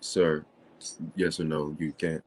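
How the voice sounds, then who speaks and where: A man's voice: extremely low pitch, flat delivery, slow, a little mellow. A man hosting a livestream debate, insistent and taunting, repeating his challenges over and over. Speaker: livestream host.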